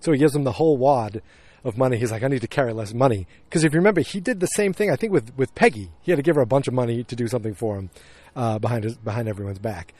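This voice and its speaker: A man's voice: mid-range voice, rapid-fire, darkish tone, no room sound. Rambling man recapping a TV episode. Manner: rambling, full of fillers and restarts. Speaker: podcast host.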